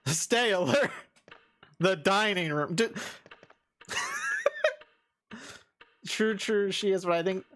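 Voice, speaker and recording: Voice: mid-range voice, slow, long pauses, fairly bright tone. A young adult streamer giving casual let's-play commentary, rambling and full of filler words. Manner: rambling, laughing, heavy use of filler words.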